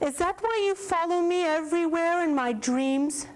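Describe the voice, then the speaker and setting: A woman's voice: very high-pitched, moderate pace, voice pushed up. A woman voicing a young boy in a children's story, speaking in a shaky, wondering way. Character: young boy, scared then curious.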